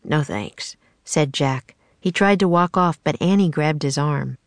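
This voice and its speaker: A woman narrating a children's storybook in a measured, expressive reading. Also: sits low, no room sound.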